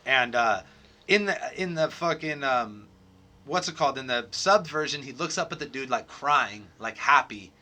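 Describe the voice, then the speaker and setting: A man co-hosting a casual podcast, with a very bright, sharp voice. He talks in loose, profane slang and throws in excited sound effects. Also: medium pitch, normal speed. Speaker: podcast co-host. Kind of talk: casual chat.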